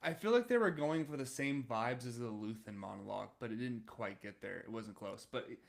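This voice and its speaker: Casting: young man, mid-pitched voice, easygoing podcast co-host summarizing plots. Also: a little fast, creaky. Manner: relaxed, recaps episode plots with fillers. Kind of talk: casual chat.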